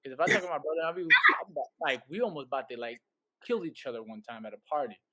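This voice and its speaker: A man's voice: medium pitch, big pitch swings, quick pace, pushed and bright. A man co-hosting a podcast, blunt and swearing in casual banter. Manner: blunt, swears freely, trash-talking banter. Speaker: podcast co-host.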